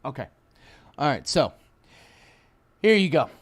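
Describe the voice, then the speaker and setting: A man's voice: on the high side, big pitch swings, measured pace, slightly rough. A man hosting a live stock trading stream, chatting to viewers in a brash, mocking way and muttering to himself now and then. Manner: brash, mocking, talks to chat; muttering to himself while writing.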